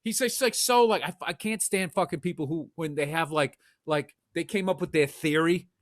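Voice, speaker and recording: A man's voice: fairly high pitch, moderate pace. A man co-hosting a comedy podcast, telling profane stories animatedly and acting out other people's voices. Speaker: podcast co-host. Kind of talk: casual comedy chat.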